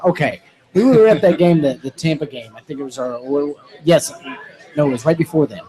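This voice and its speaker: A man's voice: fairly high pitch, fairly quick, dark tone, low-quality recording. A young man co-hosting a casual podcast, joking and telling stories animatedly. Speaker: podcast co-host. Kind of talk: casual chat.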